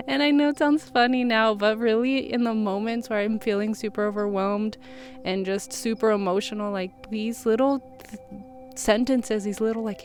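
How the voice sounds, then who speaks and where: A young woman in a casual vlog, talking gently and reflectively about kindness to herself, with soothing asides. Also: fairly high pitch, normal speed, faint music behind. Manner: gentle, reflective, soothing when quoting self-talk. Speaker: vlogger. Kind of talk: casual self-help talk to camera.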